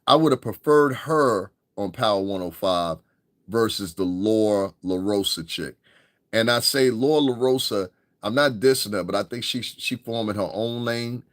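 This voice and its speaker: A man's voice: fairly low pitch, moderate pace, fairly bright tone, dry recording, clean studio sound. A man hosting his own podcast, talking in a blunt, profane, rambling commentary. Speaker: podcast host. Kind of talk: casual commentary monologue.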